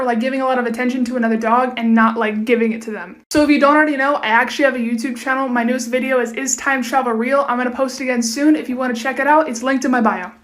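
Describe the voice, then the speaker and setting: A young woman with a high, light voice rattles off fun facts to her phone audience. Her delivery is quick and chatty, with casual swearing mixed in. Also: fairly bright tone. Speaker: TikTok creator. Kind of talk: casual fact-sharing monologue.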